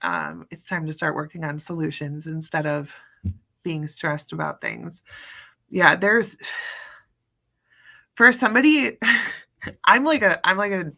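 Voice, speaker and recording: Casting: woman host in her thirties, bright tone, chatty storyteller, plenty of fillers. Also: deep voice, takes it slowly, vocal fry, long pauses. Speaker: podcast host. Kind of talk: casual livestream chat.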